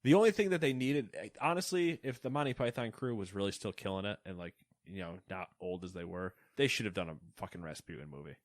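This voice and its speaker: A man co-hosting a gaming podcast, joking in quick, casual banter. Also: fairly low pitch, animated, no echo, clean studio sound. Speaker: podcast co-host. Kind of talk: casual chat.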